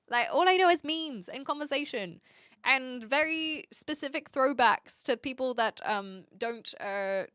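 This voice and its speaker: Female streamer, loose and jokey, reads chat aloud; sharp, forward tone, dry room. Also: high-pitched, no room sound. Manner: chatty and giggly, loose and joking. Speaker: livestreamer. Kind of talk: casual live-stream chat, reading viewer comments.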